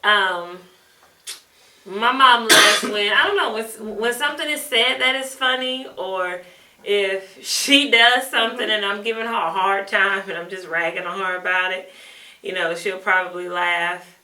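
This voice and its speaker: A woman on a casual panel chat, speaking in a relaxed and teasing way. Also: mid-range voice, unhurried. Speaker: co-host. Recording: echoey room, mic at a distance.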